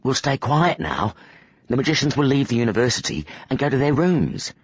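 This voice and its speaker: A man's voice: mid-range voice, sing-song, normal speed, slightly rough, no room sound, dull audio, pitched above the performer's own voice. A man reading aloud and voicing an eager, mischievous young boy who leads a girl around in secret.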